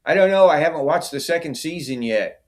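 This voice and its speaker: A man's voice: a little high, animated, fairly quick. A middle-aged man hosting a casual livestream, chatting and answering viewer comments by name. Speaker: livestream host.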